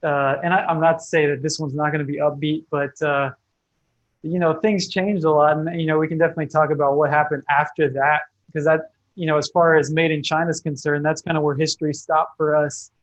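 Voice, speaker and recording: A man guest on a podcast, answering in a measured, thoughtful way with fillers, heard over remote call audio. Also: on the high side, level tone, poor audio. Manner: measured, thoughtful, uses fillers like you know. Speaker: podcast guest, brand founder. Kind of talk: reflective interview answers.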